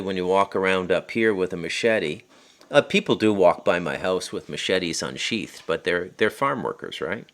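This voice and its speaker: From his home in the countryside, a podcast host and author rambles through a story on his phone, restarting sentences often and veering onto tangents. He is Canadian, with an Ottawa Valley accent and a low, deep voice that has a bit of brightness.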